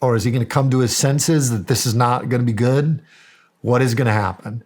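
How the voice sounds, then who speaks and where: Middle-aged guy from the us telling a story on a podcast, acts out all the voices, normal pitch. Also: brisk. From United States. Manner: animated storyteller, acts out quoted dialogue. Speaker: guest, county sheriff.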